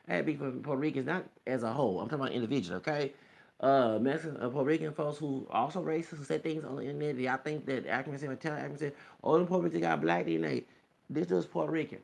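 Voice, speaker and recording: A man's voice: a little high, gravelly, breathy edge. A man delivering a heated, rambling vlog rant to camera, pressing each point home with a repeated "okay?". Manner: insistent, repeatedly tags sentences with "okay?". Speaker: video blogger. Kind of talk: heated ranting monologue. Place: Texas.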